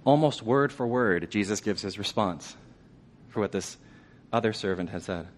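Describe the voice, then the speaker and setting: A man preaching a sermon in a conversational way, asking the congregation questions and dropping to a hushed tone for weighty lines. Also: lowish voice, lively intonation, moderate pace.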